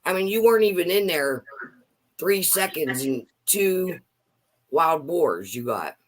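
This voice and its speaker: A man with a slightly high voice chats casually, telling stories with lots of energy. He acts out quotes from the people around him as he goes. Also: a little slow. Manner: animated storyteller, acts out quotes. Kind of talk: casual chat.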